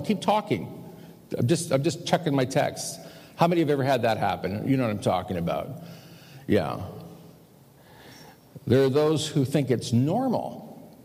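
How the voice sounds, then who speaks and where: A man's voice: mid-range voice, a little mellow, big-room sound. A male pastor preaching a practical sermon in a conversational way, asking the congregation rhetorical questions. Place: church sanctuary.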